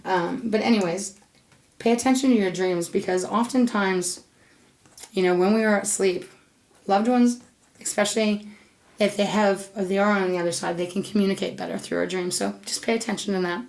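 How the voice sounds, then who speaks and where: A woman's voice: mid-range voice, fairly even intonation, normal speed, vocal fry, darkish tone. A woman giving a tarot reading to her viewers, emotional and affectionate, gushing and repeating her words. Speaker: tarot reader.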